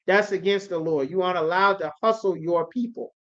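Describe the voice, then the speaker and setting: A man's voice: high voice, brisk, a bit bright. A man teaching a scripture class in an emphatic, sermon-like way, often checking that his listeners understand. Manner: emphatic, repeatedly asks "you understand?". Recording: dull lo-fi recording.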